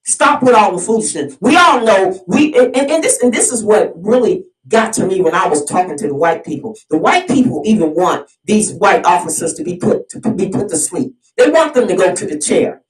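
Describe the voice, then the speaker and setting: A woman's voice: medium pitch, expressive, normal speed, hardly any pauses. A woman delivering an impassioned solo monologue as host of her own video series, preachy and fired up, often repeating and restarting her phrases. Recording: roomy sound, mic at a distance.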